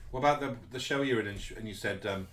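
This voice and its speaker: A man's voice: medium pitch, racing, a bit bright. A man co-hosting a live chat show, bantering in a playful, teasing way. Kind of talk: casual banter.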